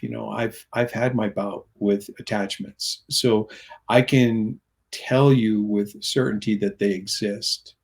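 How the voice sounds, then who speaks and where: A man's voice: medium pitch, a little mellow. A middle-aged man talking as an interview guest, earnest and rambling, telling personal stories and acting out what others said. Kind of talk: conversational storytelling.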